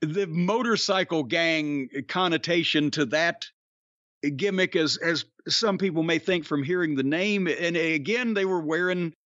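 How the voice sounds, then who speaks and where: A man's voice: on the high side, a little slow, no echo, dull audio. A man, a former pro wrestler, telling rambling, profane stories in casual chat. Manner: rambling, profane, animated storytelling.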